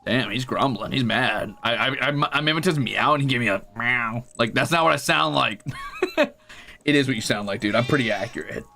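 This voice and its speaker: A man's voice: medium pitch, a little fast, creaky, hardly any pauses, sharp tone, faint music behind. A man streaming while he draws, chatting casually and rambling, muttering to himself and teasing his cat. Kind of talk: casual chat while drawing.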